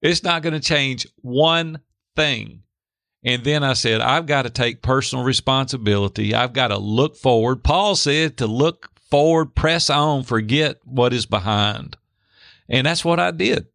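A middle-aged man telling a personal story in an interview, lively, acting out the voices of the people in it. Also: mid-range voice, measured pace, vocal fry, dry recording, studio quality. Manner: animated, acts out quoted voices. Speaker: guest. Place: Hendersonville near Nashville.

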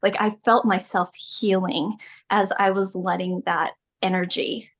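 A woman's voice: mid-range voice, level tone, measured pace. A middle-aged woman, a podcast guest, telling her personal story in a candid, emphatic way and laughing often.

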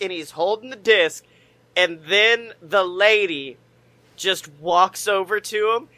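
This is a man co-hosting a casual movie review podcast, his voice high and ringing. He laughs a lot and acts out the film's lines in silly put-on voices. The sound is dry and close, with no room around it. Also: slow pace, sharp tone, no room sound. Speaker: podcast co-host.

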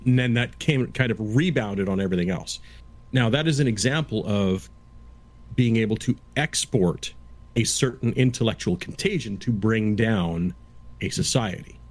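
A man in his fifties with a lowish voice, explaining history in casual conversation. He lectures in a halting way, restarting phrases and circling back. The delivery stays conversational and unscripted. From Canada. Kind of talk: casual chat.

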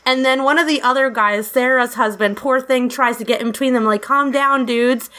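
A middle-aged woman casually telling a profane, animated story about a fight at a concert. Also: on the high side, a little fast, a little hiss or hum. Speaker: guest storyteller.

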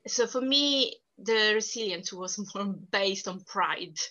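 A woman's voice: mid-range voice, pushed and bright. A woman from Sicily, telling her own story candidly and reflectively in an interview. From Sicily, Italy. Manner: candid, reflective, quick bursts then slow emphatic phrases. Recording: dull lo-fi recording.

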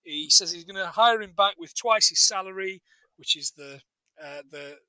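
A man with a high-pitched, sharp voice talks at a normal speed while co-hosting a casual film recap podcast. He rambles, jokes, and acts out quotes from the movie. The recording is dry and the audio quality is poor.

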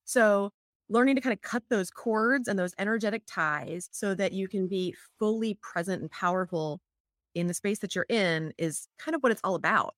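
Middle-aged woman explaining tapping therapy, chatty, says like a lot, mid pitch, dry sound. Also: normal speed, no room sound. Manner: chatty, many "like" fillers, storytelling. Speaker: EFT practitioner, guest. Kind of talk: casual explanatory chat.

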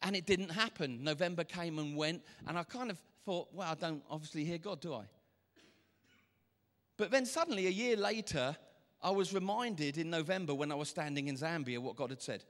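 Male pastor, fairly high voice, animated preacher, long church reverb. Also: brisk. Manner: animated, acts out quoted voices. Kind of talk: sermon.

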